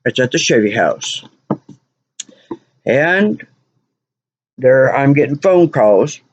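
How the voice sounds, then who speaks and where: A woman's voice: rumbling low, lively intonation, slow, darkish tone, husky, no room sound, lo-fi sound. A woman vlogger telling a personal story in an exasperated way, repeating lines for emphasis.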